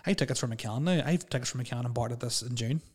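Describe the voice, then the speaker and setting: A man's voice: mid-range voice, a little mellow. A young man with a Northern Irish accent chatting casually, telling stories, swearing freely and sometimes stumbling over words. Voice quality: stutters at times. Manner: storytelling, swears freely, quick laughs, mimics others. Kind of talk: casual chat.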